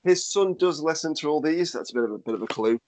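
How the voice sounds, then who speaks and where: A man hosting a podcast in casual chat, with a nasal, fairly monotone voice, swearing and laughing easily. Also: a little high, fast. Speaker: podcast host.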